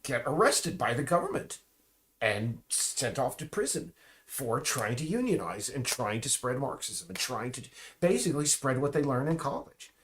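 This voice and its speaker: A man talks through a loose, rambling monologue in a voice of ordinary pitch. He stops and restarts often and trails off into asides. Dry, mocking remarks run through his talk. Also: sing-song, moderate pace, background noise.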